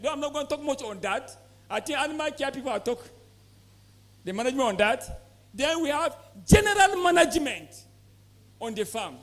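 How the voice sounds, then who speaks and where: A man's voice: very high-pitched, fairly bright tone. A man with a Nigerian English accent giving an emphatic conference talk to poultry farmers, often quizzing the audience with repeated questions. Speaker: poultry expert presenter. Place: conference hall.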